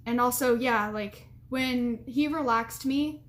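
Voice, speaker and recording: A woman's voice: a little high, slow pace, fairly bright tone. A young adult woman giving casual advice to camera, chatty and rambling with lots of fillers and giggles.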